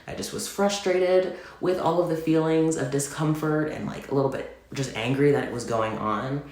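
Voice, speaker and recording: Gentle rambling man in echoey room. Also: on the high side, a little slow. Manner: gentle, rambling, heartfelt, many fillers. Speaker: vlogger. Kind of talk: confessional casual vlog.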